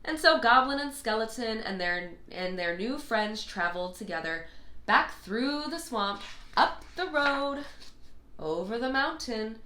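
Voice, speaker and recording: A woman reading a children's bedtime storybook aloud in an expressive, lilting way. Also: on the high side, unhurried. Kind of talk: read-aloud storybook narration. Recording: echoey room.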